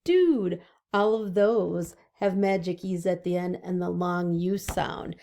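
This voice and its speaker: A woman teacher giving a slow, sing-song phonics lesson to young children over distance learning, drawing out each word. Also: lowish voice, level tone, warm tone, slight background noise.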